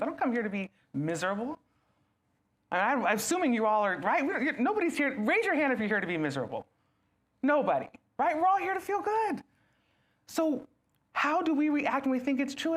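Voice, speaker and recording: A woman gives an animated talk to a gathered audience, her pitch leaping and falling as she acts out small scenes. She keeps turning to the listeners with questions. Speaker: guest speaker. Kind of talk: lively talk to a live audience.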